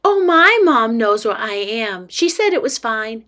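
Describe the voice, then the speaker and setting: A woman's voice: fairly high pitch, very animated, measured pace, pushed and bright, exaggerated voice. A woman voicing a pushy, cheerful seven-year-old girl who talks eagerly and insistently.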